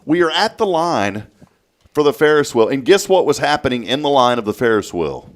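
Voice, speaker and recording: A man, hosting a casual studio talk show and telling a story with lively flair. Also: medium pitch, fairly quick. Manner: animated storytelling, acts out a child's voice. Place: local TV studio.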